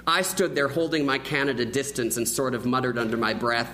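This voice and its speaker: A man preaching a sermon, telling a childhood story with lively, acted-out delivery. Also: mid-range voice, brisk, hardly any pauses, a little hiss or hum, poor audio. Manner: animated storyteller who acts out the quoted voices.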